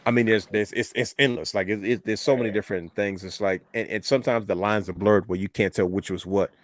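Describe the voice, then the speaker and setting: A man's voice: lowish voice, steady tone, quick pace, no echo. A man co-hosting a podcast in casual wrestling chat, rambling and repeating words as he talks. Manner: rambling, repeats words, says "you know what I mean". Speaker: podcast co-host.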